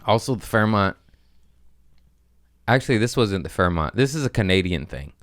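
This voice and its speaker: Deep-voiced man on a crude, rambling rant. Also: expressive, moderate pace, no echo, clean studio sound. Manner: rambling, crude, riffing with sudden loud bursts. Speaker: comedian podcast host. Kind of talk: casual comedic rant.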